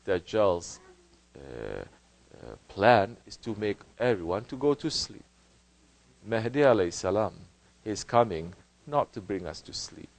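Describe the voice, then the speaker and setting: A man giving a Sufi sermon as teacher, impassioned, swinging between loud outbursts and hushed lines, full of rhetorical questions and repetition. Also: on the low side, sing-song, a little slow, creaky, poor audio.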